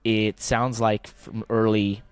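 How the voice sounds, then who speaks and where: A man with a lowish voice co-hosts a casual motorsport podcast, rambling through the news with fillers and restarts. His voice is close and dry on the mic, with no room sound. When something bothers him he gets heated and lively. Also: takes it slowly, clean tone, no echo. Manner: rambling, thinks aloud with fillers, gets animated when ranting. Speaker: podcast co-host. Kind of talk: casual chat about motorsport.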